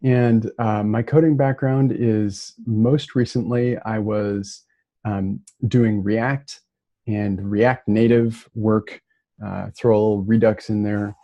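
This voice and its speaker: A man from Minnesota giving a relaxed, casual lecture remotely, with plenty of fillers and restarts. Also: on the low side, takes it slowly, no echo, highs cut off.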